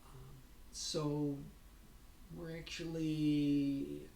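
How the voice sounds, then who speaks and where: A woman's voice: low voice, level tone, drawn-out words, gravelly, mellow. A middle-aged woman vlogger chatting about her week, gushing and restarting her sentences as she tells stories. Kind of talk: casual personal update. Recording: roomy, distant mic, faint room noise.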